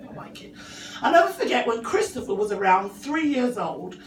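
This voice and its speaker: A middle-aged woman with a London accent, high-voiced, doing a dry, self-mocking stand-up set. She is picked up from a distance in an echoey room, with a faint hum behind her. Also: big pitch swings, normal speed. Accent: London English. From England. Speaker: stand-up comedian. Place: open mic venue.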